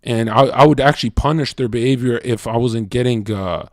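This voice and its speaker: A man's voice: mid-range voice, a little fast, a little mellow, no room sound, studio quality. A man livestreaming, telling a crude, profane confessional story with stammered restarts. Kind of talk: casual unscripted stream monologue.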